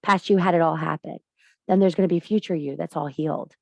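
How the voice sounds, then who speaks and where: Blunt low-voiced woman preaching. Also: fairly even intonation, fairly quick, gravelly, no echo. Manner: blunt, emphatic, swears freely; preachy, addresses viewer directly. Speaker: spiritual teacher. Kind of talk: spiritual monologue to camera.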